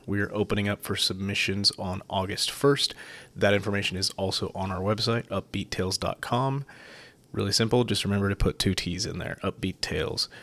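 A man hosting a story podcast, reading a short story aloud after relaxed, self-deprecating remarks. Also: fairly low pitch. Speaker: podcast host and narrator.

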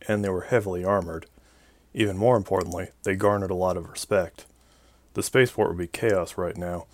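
A man narrating a science-fiction novel in a steady, even storytelling delivery. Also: low-pitched, dry recording. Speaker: audiobook narrator. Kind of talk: scripted narration.

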